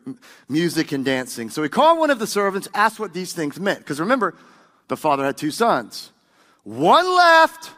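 A male pastor preaches emphatically in a church sanctuary, getting the congregation to repeat words back to him. His voice is high-pitched with a fairly bright tone, and the recording carries the long reverb of a large hall.

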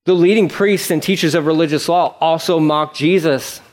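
Brief: male pastor, slightly high voice, animated sermon delivery with acted-out quotes. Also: moderate pace, hardly any pauses. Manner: animated, acts out mocking voices, conversational asides. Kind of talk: verse-by-verse sermon.

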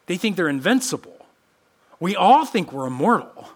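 A man preaching a sermon as pastor, reading scripture and acting out quoted voices with expressive delivery. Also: high voice, moderate pace. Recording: church podcast sermon.

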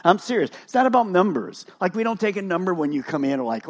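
An animated male pastor preaching at a church service, with a high voice for a man that leaps up and down. He pushes his points with rhetorical questions and emphatic stress. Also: a little fast. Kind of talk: sermon.

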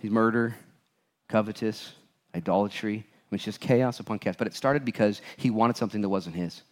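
A man's voice: fairly low pitch, fairly quick. A male pastor preaching a conversational sermon, asking the congregation questions and acting out voices. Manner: addresses congregation directly with questions.

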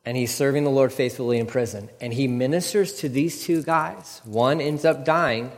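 A man preaching a sermon in an animated way, acting out the biblical figures with quick quips. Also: medium pitch. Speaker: pastor. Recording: long hall reverb.

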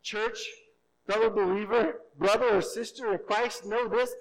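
A man with a high voice preaches as a pastor, his delivery swinging from hushed to strong. He slows down and draws out the words he wants to land. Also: fairly even intonation, rough recording. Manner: preaching with wide swings between soft and loud; slows and stretches key words for emphasis. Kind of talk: sermon.

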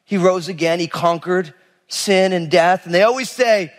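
High-voiced preacher in a reverberant hall. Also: male voice, moderate pace. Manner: animated, acts out biblical figures in casual voices. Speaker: pastor. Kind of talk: sermon.

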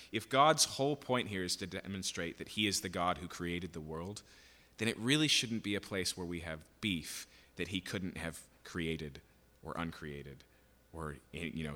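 A man's voice: low voice, moderate pace, pushed and bright. Conversational man teaching in a reverberant hall. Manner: conversational, asks "okay?" and "right?" often. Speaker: Bible teacher. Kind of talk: verse-by-verse Bible teaching.

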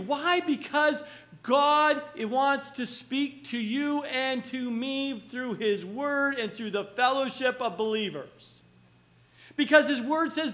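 A man's voice: extremely high pitch, lively intonation, slow, pushed and bright. A man preaching a sermon as pastor, earnest and building to emphatic exhortation, now and then mimicking children's questions. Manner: acts out children's whiny questions.

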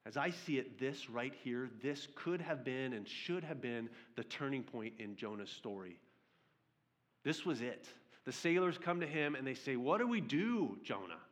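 A male pastor preaching a sermon, reading scripture aloud and retelling it as lively storytelling with questions to his listeners. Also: medium pitch, moderate pace.

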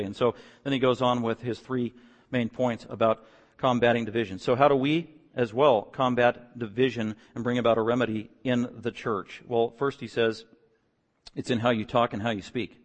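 A man preaching a sermon, moving from calm explanation to emphatic, rising outbursts on key words. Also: medium pitch, normal speed. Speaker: pastor. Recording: long reverb from a large hall.

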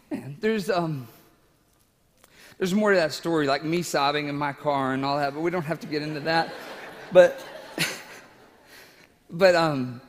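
A man's voice: on the high side, slow, pauses often, a little hiss or hum. Man preaching in a reverberant hall. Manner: emotional, tearful at times, laughing asides. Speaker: pastor. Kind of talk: sermon with personal story.

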